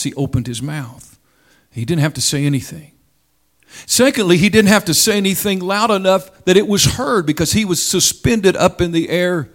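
A male preacher delivering a sermon at an unhurried, measured pace. His fairly high voice swells for emphasis, then sinks low and quiet. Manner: slow, deliberate preaching with dramatic rises and drops.

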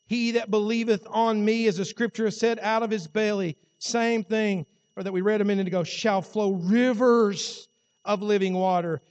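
A man preaching a sermon in a church, impassioned, swinging from loud cries to quiet, low passages. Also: fairly even intonation, moderate pace, in a large hall.

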